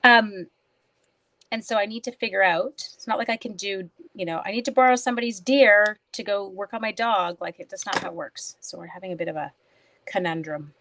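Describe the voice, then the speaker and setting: A woman's voice: mid-range voice, steady tone, brisk, sharp tone. This is a middle-aged woman from Canada talking casually through a live crafting stream. She is chatty and pokes fun at herself. She keeps greeting and answering viewers by name while she works on a card. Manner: chatty, self-mocking, talks to viewers by name while working. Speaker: papercraft demonstrator live-streaming.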